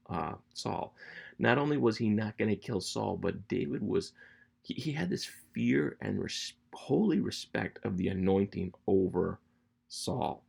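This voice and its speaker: A man's voice: fairly low pitch, gravelly, darkish tone, husky. A man teaching a Bible chapter in a casual, conversational way, reading verses aloud and retelling them in slangy everyday talk.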